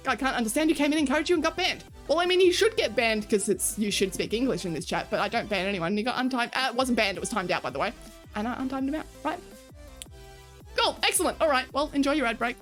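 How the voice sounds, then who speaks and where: A woman with an Australian accent chats frankly with her stream chat, cursing without a second thought and breaking into laughter. Her voice sits a little high. Soft music plays quietly underneath. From rural Australia. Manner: frank, swears freely, laughs often. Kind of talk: casual livestream chat with viewers.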